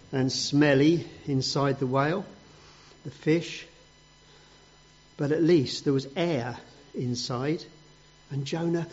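A man telling a story to a group of children in an animated, playful way. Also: on the high side, lo-fi sound.

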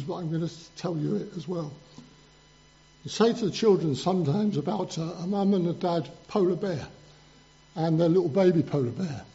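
Earnest preacher with a high, mellow voice. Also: male voice, highs cut off. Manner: earnest, emphatic, building up lists. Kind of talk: sermon.

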